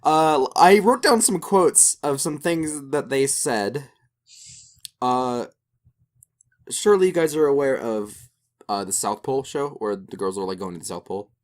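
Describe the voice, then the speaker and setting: A young man co-hosting an anime podcast in loose, casual chat. He rambles and restarts, with plenty of fillers, and his voice sits at an ordinary middle pitch. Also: measured pace. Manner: animated, rambling with many fillers. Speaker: podcast co-host.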